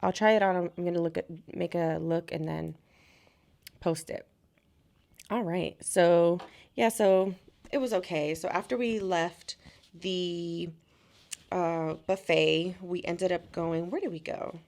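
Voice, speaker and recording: A young woman vlogger telling a casual storytime while unboxing makeup, animated and chatty, acting out what others said. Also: on the low side, slow, gravelly. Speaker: beauty vlogger.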